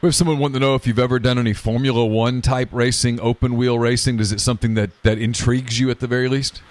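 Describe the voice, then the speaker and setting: Male podcast host, mid pitch, dry close sound, playful banter. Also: fairly even intonation, quick pace, dry recording. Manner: joking, argues playfully. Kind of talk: interview questions, casual banter.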